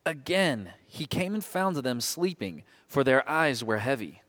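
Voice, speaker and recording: A man reading scripture aloud in a slow, solemn group reading. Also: medium pitch, big pitch swings, fairly bright tone. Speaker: scripture reader.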